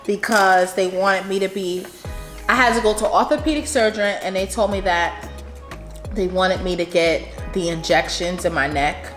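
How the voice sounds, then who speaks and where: A woman's voice: mid-range voice, roomy sound. A woman with a New York accent chatting casually over a meal for a vlog, telling a story with frequent laughs. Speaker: vlogger. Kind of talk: casual mukbang chat. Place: home room, eating at a table.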